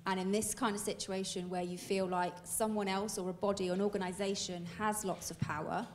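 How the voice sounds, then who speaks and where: A woman's voice: medium pitch, steady tone, fairly quick, a little hiss or hum. Thoughtful, hesitant woman panelist. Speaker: panelist, human rights expert. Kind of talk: panel discussion answer.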